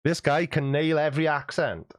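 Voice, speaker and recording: A man's voice: fairly high pitch, fairly even intonation, moderate pace, dry recording, clean studio sound. Jokey man reading live chat. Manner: chatty, jokey, self-deprecating. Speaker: YouTube host. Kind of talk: livestream chat reading viewer comments.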